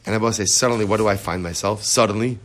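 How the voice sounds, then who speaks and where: A man teaching a Torah class, animated and rhetorical, often checking in with the listeners. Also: lowish voice, fast talker.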